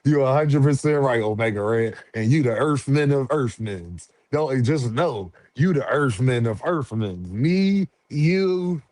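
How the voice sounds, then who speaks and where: A man's voice: mid-range voice, measured pace, hardly any pauses, dry recording. A man on a casual livestream, talking boxing in heavy slang and answering his chat directly. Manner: slangy, animated, talks back to chat. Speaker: boxing commentary streamer.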